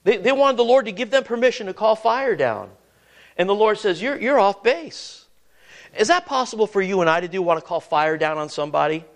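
A man's voice: high-pitched, animated, fast talker. A man preaching a sermon as pastor, asking the congregation questions and often repeating words as he goes.

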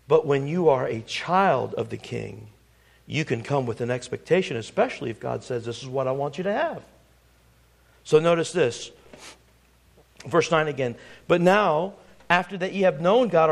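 A man's voice: high voice, creaky. A middle-aged man preaching a sermon, quoting scripture and firing rhetorical questions at his congregation.

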